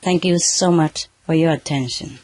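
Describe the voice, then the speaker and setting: Spiritual teacher with halting, non-native English. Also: mid-range voice, darkish tone, no echo. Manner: halting, non-native English phrasing, frequent checks like "okay" and "huh". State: slightly emotional at moments. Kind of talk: live address to an audience, reading out a list. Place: under bright spotlights, indoors.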